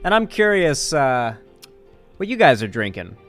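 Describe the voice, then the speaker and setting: A man streaming casually, joking and reading his chat aloud in an animated way. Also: mid-range voice, a little slow, soft background music. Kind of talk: casual live-stream commentary.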